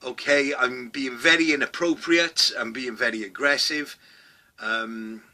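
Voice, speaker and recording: A man's voice: mid-range voice, unhurried. Sweary man ranting. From Wales. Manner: loud, sweary, rambling, with constant "okay?" asides. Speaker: vlog host. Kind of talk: satirical comedy rant.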